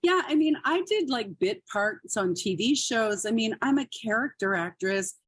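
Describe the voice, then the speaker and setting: A woman's voice: a little high, lively intonation, normal speed, breathy edge, no room sound. A woman comedian and actress, telling stories as a podcast guest in a chatty way full of fillers. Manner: chatty, many fillers like "like" and "you know". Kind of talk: casual storytelling.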